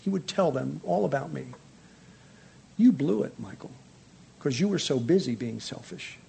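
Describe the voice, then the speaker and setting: A man voicing God as a quiet, solemn, gently rebuking presence. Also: fairly high pitch, lively intonation, gravelly, husky, exaggerated voice. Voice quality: quiet, hushed. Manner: slow, solemn and tender.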